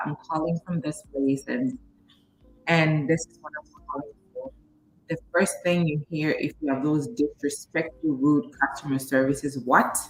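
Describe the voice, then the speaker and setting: A Zambian-accented woman co-hosts a casual talk show, her voice pitched very low. She speaks animatedly, acting out quoted lines. Her voice rings with the echo of a reverberant room. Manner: animated, acts out quoted exchanges. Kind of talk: casual chat. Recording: echoey room.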